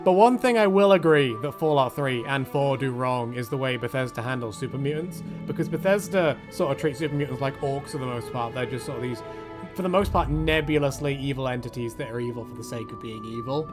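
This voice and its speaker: A man's voice: medium pitch, expressive, brisk, over music. A man giving casual, joking game commentary, chatty and swearing freely as he acts out the characters. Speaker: gaming video host.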